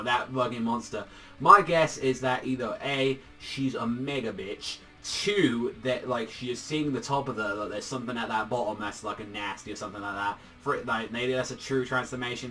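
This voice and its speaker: A man's voice: mid-range voice, bright, forceful tone, recorded from a distance. A young man reviewing a manga chapter in a loose, profane, rambling way, full of fillers.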